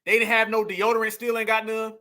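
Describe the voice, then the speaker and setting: A man hosting a livestream, delivering animated, profane ranting commentary straight to his audience. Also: high voice, a little fast. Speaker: livestream host.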